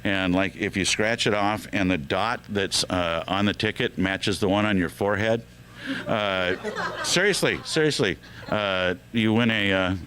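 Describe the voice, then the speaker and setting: A man's voice: lowish voice, unhurried, a bit bright, slight background noise. A man hosting a radio show, telling joke after joke in a loose, joking way with lots of fillers. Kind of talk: telling jokes on air.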